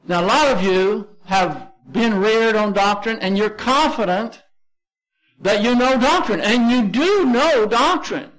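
A man with a Texan accent preaching a sermon as pastor, conversational and emphatic, slowing down to stress key phrases. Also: high-pitched, expressive, fairly bright tone, faint music behind, low-quality recording.

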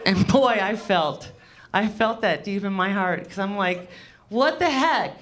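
A woman's voice: mid-range voice, animated, unhurried. A woman comedian doing a stand-up set on a club stage, loose, rambling and crude, poking fun at herself. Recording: live club set with audience laughter.

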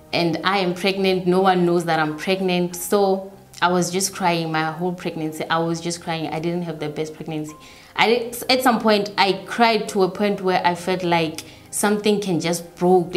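A young woman recounts her own story in an interview, her voice sitting a little low. She talks in halting bursts, often repeating phrases. Faint music plays underneath. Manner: halting, repeats herself, voices others' words softly. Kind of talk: personal storytelling.

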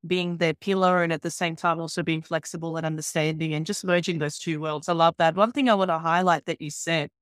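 A woman hosting an interview podcast in casual chat, candid and animated, swearing freely and acting out conversations. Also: low voice, brisk, hardly any pauses, no room sound, studio quality. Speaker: podcast host.

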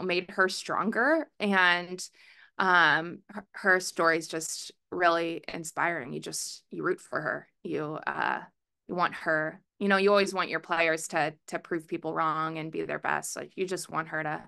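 A woman softball head coach answering reporters at a press conference, chatty, with many fillers and restarts. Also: on the low side, gravelly. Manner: calls herself a verbal, loud coach. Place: press room.

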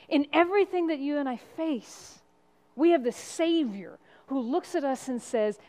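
A woman's voice: sits high, lively intonation, a little slow, a little mellow. A woman pastor giving a sermon in an earnest, conversational preaching style. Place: church sanctuary. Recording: long reverb of a church hall.

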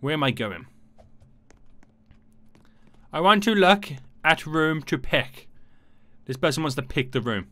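A man chats excitedly through a video game, talking straight to his viewers. His voice leaps around with a lively, animated swing and has a bright, forceful edge. The sound is dry and close, with no room around it. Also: a little high, measured pace, long pauses, no room sound. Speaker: gaming YouTuber. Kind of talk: gameplay commentary.

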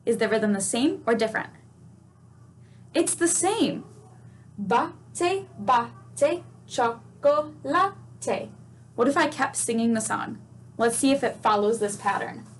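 A woman's voice: a little high, lively intonation, normal speed, a little hiss or hum. A woman teaching a children's music lesson, patient and encouraging, asking questions and singing and chanting examples. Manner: sings note names and chants.

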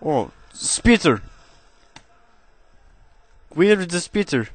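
A man doing gameplay commentary in a cheesy put-on Russian accent, speaking halting, broken English into a headset. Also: on the high side, sing-song, no room sound. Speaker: gaming commentator.

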